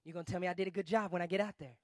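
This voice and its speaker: A man preaching a guest sermon with emphasis, swinging between shouting and quiet asides. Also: high voice, fairly even intonation, very fast, no echo.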